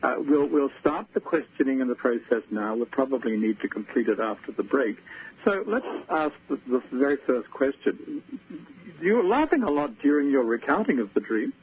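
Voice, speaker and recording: A man hosting a radio show, asking a caller thoughtful questions about her dream in a measured way. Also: medium pitch, big pitch swings, breathy edge. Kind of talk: dreamwork coaching talk. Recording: tinny phone-like radio sound.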